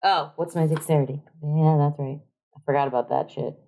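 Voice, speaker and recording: A woman's voice: low voice, steady tone, brisk, dark tone. A woman playing a tabletop role-playing game, chatting in a playful, offhand way. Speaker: player. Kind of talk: casual tabletop game chat.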